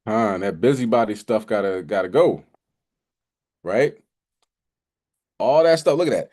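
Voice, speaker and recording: A man's voice: lowish voice, expressive, measured pace, long pauses, a little mellow. A man giving a casual bible lesson, talking in a loose, conversational way with many restarts and repeated "you know"s. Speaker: religious teacher.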